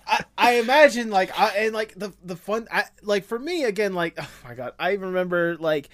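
A man's voice: sits high, lively intonation, normal speed, a bit bright. A young adult man in casual podcast chat, rambling with lots of fillers and frequent laughs. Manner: rambling, filler-heavy, swearing, laughing often.

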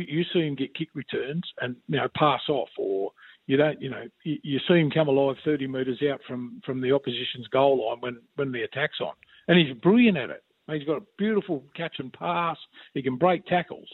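A man's voice: medium pitch, brisk, slightly rough, dry recording. Rambling Australian man on a tinny phone line. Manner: rambling, warm storytelling full of restarts and "mate". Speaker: former player and regular pundit. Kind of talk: casual sports radio chat.

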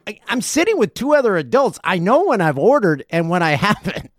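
A man in his forties, a podcast host telling a story casually, animated and profane. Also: high-pitched, fairly quick, no room sound, clean studio sound. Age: 40s.

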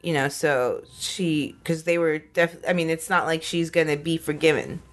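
A woman's voice: deep voice, moderate pace. A woman co-hosting a podcast, telling a story in a casual, rambling way with many fillers and restarts. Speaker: podcast co-host.

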